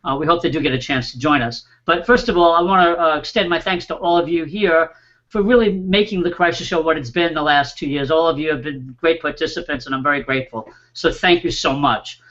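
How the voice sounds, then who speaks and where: A man hosting an online panel show, warmly introducing his guests and filling pauses with small "uh"s. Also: fairly high pitch, lo-fi sound. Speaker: host.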